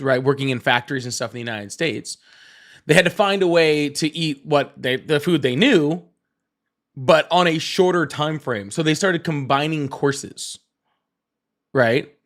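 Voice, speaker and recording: A slightly high, fairly bright male voice belongs to a host on a relaxed livestream. Rambling and restarting with plenty of fillers, he greets people in chat by name and swears without a second thought.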